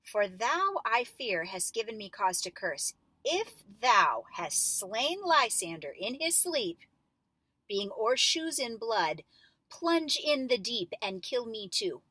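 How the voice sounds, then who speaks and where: A woman's voice: a little high, sing-song, slow pace, sharp tone, breathy edge, no room sound, heavily acted, rough recording. A woman reading the lines of a young woman who accuses her suitor of murder, with rising urgent emphasis. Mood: accusing.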